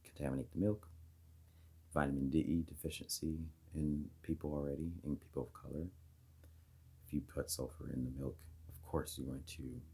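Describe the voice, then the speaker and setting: A man with an extremely low, husky voice talks straight to his viewers in a loose monologue. His tone is dark and mellow, and he wanders from thought to thought, pausing on fillers and restarting sentences. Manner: rambling, speculative, many fillers and restarts. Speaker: video host. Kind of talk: casual monologue to camera.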